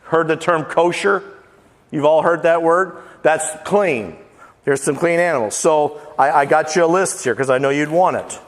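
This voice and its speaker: A man's voice: on the high side, normal speed. A male pastor giving a casual, humorous sermon, folksy and joking, rattling off lists with playful emphasis. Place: church sanctuary. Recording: long church-hall reverb.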